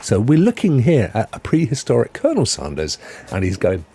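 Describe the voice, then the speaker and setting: A man's voice: fairly low pitch, huge pitch swings, brisk, gravelly, warm tone, faint music behind. A man hosting a gaming news live stream, chatty and jokey, laughing often. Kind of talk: casual live-stream chat.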